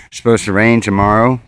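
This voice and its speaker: A man's voice: lowish voice, fairly bright tone, smooth, rough recording. A man vlogging outdoors on a phone while walking his dog at night, rambling sarcastically and swearing freely as he rants. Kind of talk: casual rambling commentary while filming.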